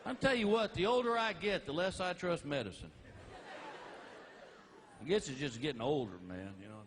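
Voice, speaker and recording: A lively man in his forties doing stand-up, his voice sitting high and swinging widely as he acts out every part of the story. The live stage recording has audience laughter behind him. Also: normal speed, some chatter behind, slight background noise. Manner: animated storytelling, acting out both sides of dialogue. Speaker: stand-up comedian.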